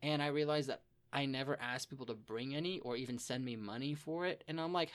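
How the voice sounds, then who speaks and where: A young man co-hosting a podcast, talking in a chatty, rambling way with bursts of loud joking. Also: mid-range voice, a little fast, smooth. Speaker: podcast co-host. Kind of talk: casual chat.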